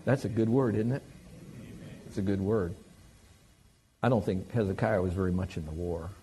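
A man preaching a sermon in a conversational, animated way, joking with the congregation. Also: low-pitched, normal speed.

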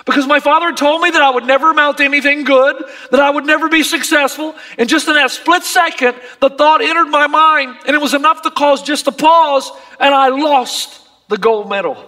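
A man's voice: very high voice, a little fast, hardly any pauses, bright, forceful tone, long reverb tail. A man preaching a sermon as pastor, emphatic and impassioned.

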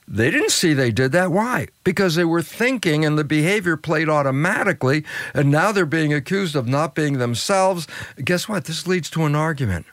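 Older man, interview guest, storytelling, acts out dialogue, big pitch swings, dry close sound. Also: a bit bright, no room sound. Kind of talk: animated storytelling explanation.

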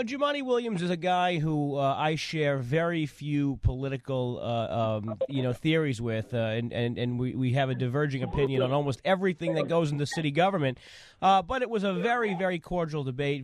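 A man's voice: fairly high pitch, a little fast. A man, a politician sitting in as guest host, chatting on the radio in a jokey, easygoing way. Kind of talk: casual radio chat.

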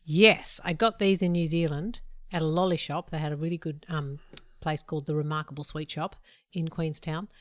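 A woman's voice: deep voice, fairly even intonation, moderate pace, no room sound. Aussie lady gabbing on a podcast, plays out her own quotes, dry close sound. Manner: chatty storyteller, acts out her own quotes. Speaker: podcast co-host. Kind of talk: casual chat.

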